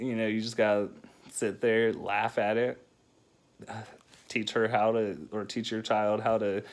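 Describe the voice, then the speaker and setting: Man, single-dad vlogger, low-ish gravelly voice, casual rambling countdown, frequent laughs. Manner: laughs often while telling stories, loose and rambling. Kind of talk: casual chatty countdown vlog.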